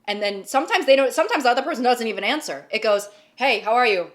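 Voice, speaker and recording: A woman's voice: fairly high pitch, lively intonation, quick pace. A woman in her twenties chatting casually to her viewers, rambling with lots of fillers and some swearing while she snacks. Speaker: YouTuber. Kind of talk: casual chat.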